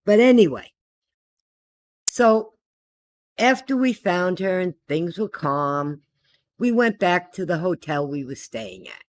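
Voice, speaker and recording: Older woman telling a slow family story. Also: on the low side, lively intonation, no echo. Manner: slow, meandering, family anecdote. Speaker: host's mother, guest. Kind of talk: casual storytelling.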